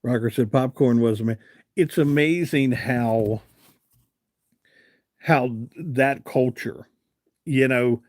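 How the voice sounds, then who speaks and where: A man's voice: medium pitch, slow pace, pauses often, a little mellow, no echo. A middle-aged man from hosts a casual live stream. He drifts through long folksy tales, stopping to read and answer comments from viewers. His mid-range voice sounds close and dry. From Virginia, USA. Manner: rambling, folksy storyteller who reads out and answers viewer comments.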